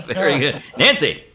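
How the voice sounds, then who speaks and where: A man's voice: fairly high pitch, bright, forceful tone. A man hosting an improv comedy game, calling on players and chuckling at their jokes. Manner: brisk, calls on players and chuckles often. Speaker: improv referee and emcee. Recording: noisy with clicks.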